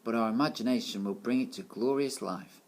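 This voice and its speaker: A man's voice: medium pitch, brisk, close to an everyday voice. A man voicing an exasperated, theatrical male schoolteacher in a storybook reading. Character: fussy excitable male schoolteacher.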